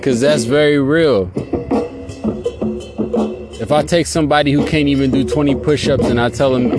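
A man's voice: medium pitch, steady tone, normal speed, pauses often. A man hosting a podcast in a casual, profane, rambling monologue. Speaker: podcast host. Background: loud music beat.

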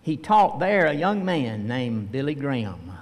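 A man preaching a sermon as pastor, telling a story slowly and acting out the voices he quotes. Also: medium pitch, big pitch swings. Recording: long reverb of a church hall.

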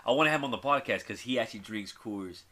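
A young man co-hosting a podcast, telling stories in casual banter, swearing freely and getting animated. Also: lowish voice, fast talker. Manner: animated, profane storytelling. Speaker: podcast co-host. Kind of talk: casual drinking-buddy banter.

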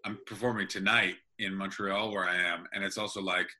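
A comedian talking casually over a video call, telling stories in an animated, self-interrupting way. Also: male voice, sits low, fairly quick. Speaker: comedian guest.

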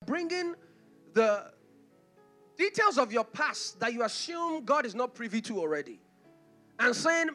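A man preaching a sermon as pastor, impassioned and rising to shouts, with acted-out asides. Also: very high voice, very animated, measured pace, pauses often, faint music behind.

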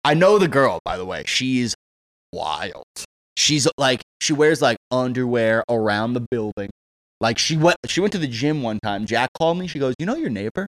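A man's voice: medium pitch, normal speed, no room sound. A man co-hosting a casual talk show, telling a story with plenty of swearing and laughter, acting out others' lines in raised voices. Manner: animated, acts out quotes in raised voices; profane, laughs often. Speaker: podcast co-host.

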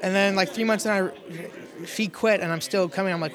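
Comedian guest, high male voice, rambling self-deprecating storyteller, crowd noise behind. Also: fairly even intonation, brisk, fairly bright tone. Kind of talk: casual chat.

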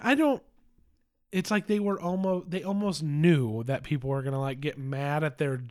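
Slightly high-voiced man, halting casual chat. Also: darkish tone. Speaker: podcast co-host.

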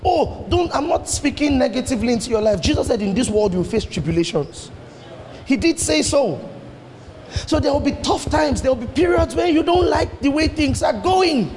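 A man with a high voice preaches a sermon in a church hall, full of rhetorical questions and sudden leaps and drops in pitch. A long hall reverb trails every phrase. A faint hum of ambience sits underneath. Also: a little mellow.

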